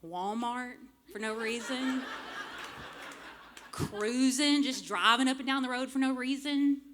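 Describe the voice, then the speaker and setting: A woman, telling a humorous personal story live on a club stage into a microphone, lively and self-mocking with frank swearing. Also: fairly high pitch, slight background noise. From small town in Arkansas, US. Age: late 30s. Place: stage of a small music club. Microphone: stage microphone fed straight from the soundboard.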